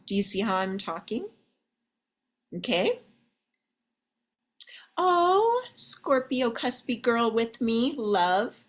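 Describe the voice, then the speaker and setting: Slow-talking woman love coach. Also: a little high, very animated. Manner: chatty, sprinkles in "okay?" and "like"; addresses listeners as ladies, honey, babe. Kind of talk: coaching talk to viewers.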